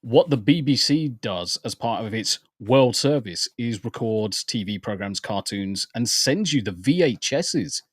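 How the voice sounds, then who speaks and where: A man's voice: medium pitch, animated, a little slow, hardly any pauses, no room sound, clean studio sound. A British man chatting casually as a guest from a small spare bedroom, rambling and laughing often. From England. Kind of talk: casual chat. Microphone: home computer setup.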